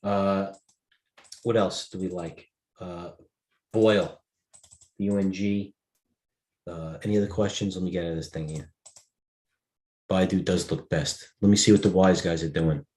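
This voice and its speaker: A man's voice: low-pitched, steady tone, a little slow, long pauses, a little mellow, echoey room. A man in his fifties hosts a live stock trading stream, talking through charts in a rambling, offhand way and often breaking off mid-sentence. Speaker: stock market host.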